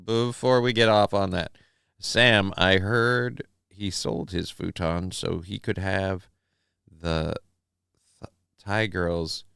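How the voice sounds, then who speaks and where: A young man rants sarcastically through a live chat show, swearing freely. His voice is smooth and clear, and it sits dry and close on the mic. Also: low voice, steady tone, slow pace, fairly bright tone, no room sound. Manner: profane, sarcastic, ranting. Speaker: livestream host reading chat. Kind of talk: crude casual streamer chat.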